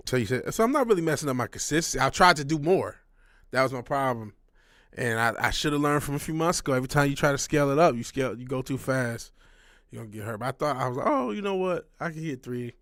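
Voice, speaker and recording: A man's voice: medium pitch, fast, fairly bright tone, no echo, clean studio sound. Rambling, frank man chatting on a stream. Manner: rambling, frank, swears often, restarts a lot. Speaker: livestream host. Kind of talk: casual livestream chat.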